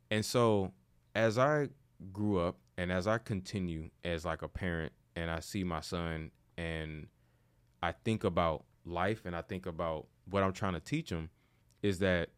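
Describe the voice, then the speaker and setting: Deep-voiced man telling stories, slangy. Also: measured pace, clear, resonant tone. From St. Louis, USA. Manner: loose and slangy, swings into animated storytelling. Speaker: podcast host. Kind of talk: casual conversation.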